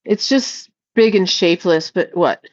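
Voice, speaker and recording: Slow-talking profane woman streamer. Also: on the low side, no echo, highs cut off. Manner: profane, rambling, jokey. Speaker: livestream host. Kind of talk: casual livestream chat.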